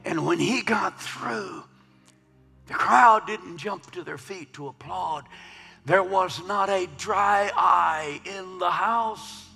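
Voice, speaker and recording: A man preaching a sermon in a large church, swinging from hushed murmurs to loud shouts. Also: high-pitched, vocal fry, slightly rough. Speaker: pastor. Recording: long hall reverb with faint music.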